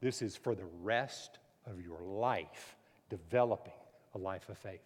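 A pastor preaching a sermon, swinging from loud emphatic peaks down to low, quiet stretches. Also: male voice, a little slow, long reverb tail.

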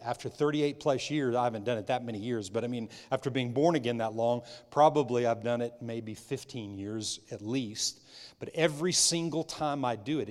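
A middle-aged man preaching in a church, his voice sitting at an ordinary pitch. He talks conversationally, restarting phrases, then rises to loud, emphatic bursts before dropping to quiet asides. A long reverb hangs on every word. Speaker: pastor. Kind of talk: sermon. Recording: long reverb of a large hall.

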